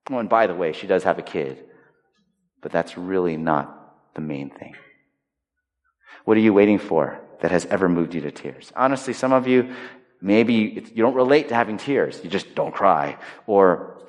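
A man's voice: low voice, expressive, moderate pace. Man preaching in a reverberant hall. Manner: conversational, emphatic preaching, swinging between loud stresses and hushed points. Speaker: pastor. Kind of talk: sermon. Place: large hall. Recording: long reverb of a large hall.

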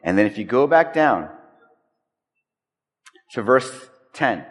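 A man's voice: mid-range voice, sing-song, slow pace, long pauses. A man preaching a sermon as a pastor, talking conversationally and acting out everyday stories. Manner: conversational, acts out anecdotes. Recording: echoey hall.

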